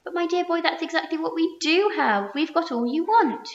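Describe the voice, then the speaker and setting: A woman's voice: very high-pitched, animated, moderate pace, pitched above the performer's own voice. A woman voicing a wise, fussy old male grasshopper in a storybook reading. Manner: sharp, fussy. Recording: roomy muffled recording.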